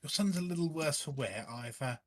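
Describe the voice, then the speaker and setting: A man's voice: a little high, fairly quick, fairly bright tone, slight background noise, close to an everyday voice. A man voicing a tactful male guest who discreetly reports a problem in a matter-of-fact tone.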